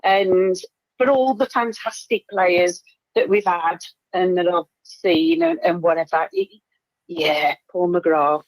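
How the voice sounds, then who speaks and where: A woman's voice: on the low side, fairly even intonation, slow pace, dry recording, rough recording. An older woman phoning in to a football show, talking earnestly in an English accent. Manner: earnest, agreeable, tag questions. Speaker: caller. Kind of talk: casual phone-in chat.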